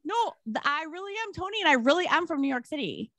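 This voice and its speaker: An animated woman telling a story on a podcast, her voice sitting a little high. She talks casually, full of filler words, and jumps up high whenever she acts out what someone said. The sound is close and dry. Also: quick pace, few pauses, dry recording. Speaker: podcast guest.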